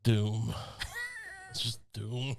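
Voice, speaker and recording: A young man co-hosting a podcast, talking in a rambling, deadpan comic way with many restarts. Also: on the low side, extremely slow, vocal fry. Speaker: podcast co-host. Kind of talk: casual comedic chat. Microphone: studio podcast mic.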